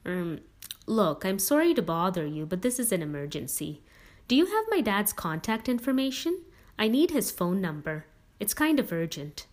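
A woman's voice: mid-range voice, sing-song, lightly acted. Nervous teenage boy, voiced by a woman. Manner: nervous, halting, hesitant. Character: anxious teenage boy on the phone.

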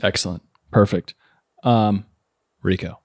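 A man's voice: on the low side, steady tone, slow pace, slightly rough. A man hosting a podcast in casual chat, laid-back, laughing a lot and swearing freely. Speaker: podcast host.

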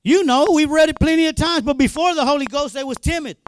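A male minister preaching a sermon in a colloquial, excitable way, repeating words as he gets fired up. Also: extremely high pitch, fast, slight background noise.

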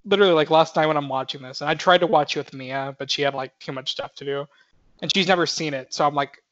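A man with a somewhat high voice gushes earnestly on a casual podcast, full of likes and ums. The audio is muffled and lo-fi. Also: quick pace, fairly bright tone. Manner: earnest, gushing, filler-heavy. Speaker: podcast co-host. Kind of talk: casual chat.

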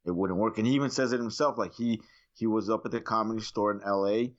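Low-voiced man, dull lo-fi sound. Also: fairly even intonation, quick pace. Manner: rambling storyteller who keeps clearing his throat. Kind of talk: casual chat.

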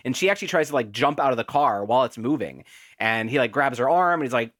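A podcast co-host in a casual movie discussion, talking in an animated, rambling way with many fillers. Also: medium pitch, fast talker, no room sound, clean studio sound.

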